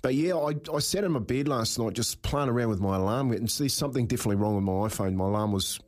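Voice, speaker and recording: A man's voice: lowish voice, darkish tone. Aussie breakfast radio guy, middle-aged, laughs a lot telling rambly stories. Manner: laughs often, rambling anecdotes. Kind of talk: casual radio banter.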